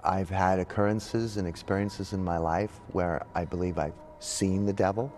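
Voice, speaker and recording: A male Catholic priest answers questions calmly and deliberately. His voice is very deep, with faint background noise in the room. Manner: calm, earnest, deliberate. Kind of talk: interview answers.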